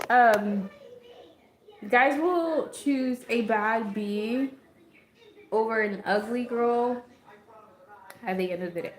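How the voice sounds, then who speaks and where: A woman's voice: fairly high pitch, slow pace, pauses often, slight background noise. Giggly young woman rambling on a livestream. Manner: rambling, giggly, many fillers. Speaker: livestream host. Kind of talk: casual chat. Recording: echoey room.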